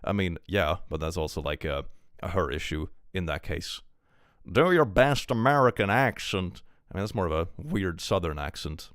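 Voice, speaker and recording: A man's voice: rumbling low, fairly quick, clear, resonant tone, no room sound, clean studio sound. A man casually commenting on a live stream, reading posts aloud and reacting with a chatty, rambling manner and frequent laughs.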